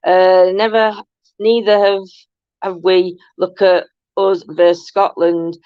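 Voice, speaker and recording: A woman's voice: on the low side, little pitch movement, takes it slowly, clear, resonant tone, no room sound. A woman hosting a casual live-stream chat, rambling along and laughing often. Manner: rambling, chatty, breaks into frequent laughter. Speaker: host. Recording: dull, dry lo-fi sound.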